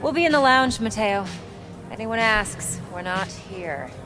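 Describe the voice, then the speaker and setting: A woman playing a guarded game character who speaks in a cool, measured way. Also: medium pitch, expressive, over music, natural voice.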